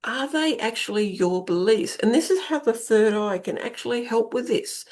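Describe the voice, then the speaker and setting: Slightly high and a little mellow, this middle-aged woman's voice is expressive and moderately paced. She hosts a podcast as an intuitive coach, walking through self-help ideas conversationally and echoing key phrases for emphasis.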